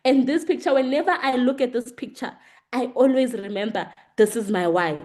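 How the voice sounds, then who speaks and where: A woman giving an energetic business presentation to an audience, telling her story in short, repeated, emphatic sentences. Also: on the high side, normal speed. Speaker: guest speaker.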